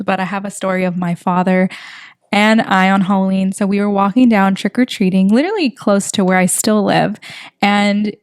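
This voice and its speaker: A young woman in her twenties tells a personal story as a podcast co-host. Her voice sits at an ordinary pitch and she rambles warmly, leaning on lots of fillers. The recording is dry and close, with no room sound. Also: smooth, dry recording. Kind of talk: casual podcast chat.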